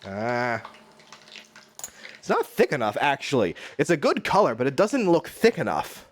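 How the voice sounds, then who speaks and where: A man's voice: medium pitch, huge pitch swings, measured pace. A man streaming live from his home kitchen, rambling and joking at his own expense while he cooks and talks to chat.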